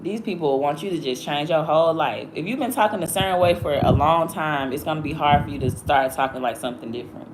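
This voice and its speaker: A woman from Alabama with a Southern accent talks through a casual livestream. Her voice sits fairly low, and she chats in a blunt, slangy way that wanders from one story to the next. A faint hum of room noise runs underneath. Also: fast talker, hardly any pauses. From Alabama, USA. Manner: blunt, slangy and chatty, drifting between stories. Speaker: livestream host.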